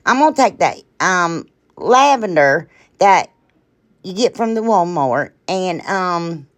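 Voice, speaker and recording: A woman's voice: fairly low pitch, lively intonation, takes it slowly. A woman hosting a casual craft tutorial who talks to viewers as "y'all", rambles, trails off and keeps apologizing. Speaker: DIY crafting channel host.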